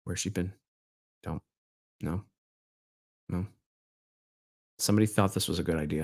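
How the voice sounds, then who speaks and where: A middle-aged man from Southwest Baltimore, US, hosts a reaction commentary show with a low-sitting, animated voice at normal speed and frequent pauses. He's sarcastic and mocking, sinking into mutters before bursting out loudly.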